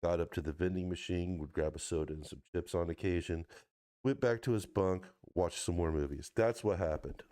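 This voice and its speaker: A man's voice: deep voice, a little fast, warm tone. A male podcast host, teasing his guest in a sarcastic, casual way. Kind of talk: casual chat.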